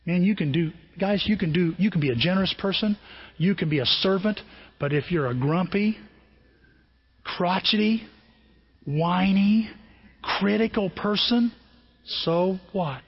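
A man's voice: sits high, a little slow, pauses often, husky. A man preaching a sermon as a pastor, talking conversationally and asking the congregation questions. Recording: lo-fi with long hall reverb.

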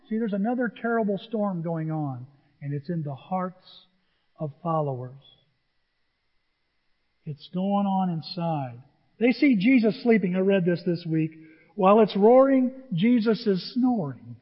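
A pastor with a high, husky voice preaches with animated storytelling and acts out the voices of the people in his stories. Long reverb from a large hall and dull, muffled audio surround him. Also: unhurried, long pauses. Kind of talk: sermon.

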